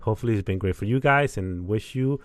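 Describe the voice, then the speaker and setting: A man's voice: lowish voice, fast, no echo, clean studio sound. A young man co-hosting a podcast in loose, rambling casual chat, often repeating himself. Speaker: podcast co-host.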